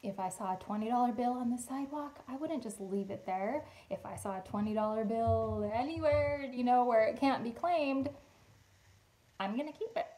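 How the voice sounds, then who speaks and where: A woman's voice: fairly high pitch, moderate pace, rough recording. A woman vlogger casually telling personal stories, acting out the voices of the people she met. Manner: chatty, animated retelling with quoted dialogue. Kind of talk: casual storytime chat.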